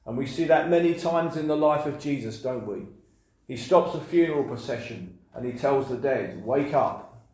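Male preacher, earnest, repeats words for emphasis; warm low-bright tone, heavy room echo. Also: expressive, normal speed. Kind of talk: sermon. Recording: very echoey room.

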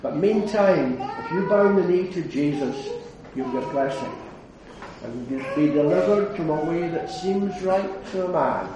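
A man preaching an earnest evangelistic sermon, building to fervent declarations and then dropping low. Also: animated, measured pace, noisy background. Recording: very echoey hall, heard from a distance.

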